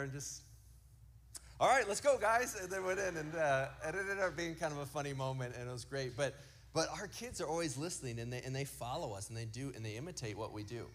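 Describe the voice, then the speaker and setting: A pastor in his thirties, his voice a little high with some faint hiss or hum, preaches a sermon built on family stories. He acts out the things his kids say and slows down for emphatic lists.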